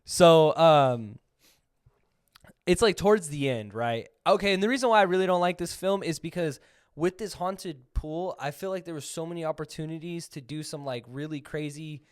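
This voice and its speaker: A young man with a high-pitched voice co-hosts a casual podcast about movies. He talks in an animated way, laughs often and acts out lines. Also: moderate pace, clean tone. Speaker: podcast co-host. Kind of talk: casual movie review chat.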